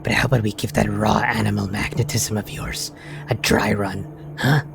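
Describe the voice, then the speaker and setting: A man voicing a gruff, cigar-smoking male Nosferatu vampire with a deep, gravelly voice in a played-through game. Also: steady tone, moderate pace, over music.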